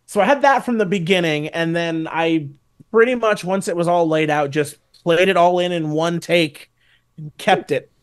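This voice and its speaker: High-voiced laid-back man on a podcast. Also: moderate pace, clear, resonant tone. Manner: relaxed, laughs easily, loose storytelling. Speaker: guest musician. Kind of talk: casual podcast chat.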